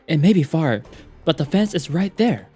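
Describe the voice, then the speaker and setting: A man voicing a determined young woman mage, reading game dialogue aloud in a brisk, self-coaching and commanding way. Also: on the high side, very animated, mellow, slightly rough, soft background music, voice pushed up. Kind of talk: game dialogue read aloud on a live stream.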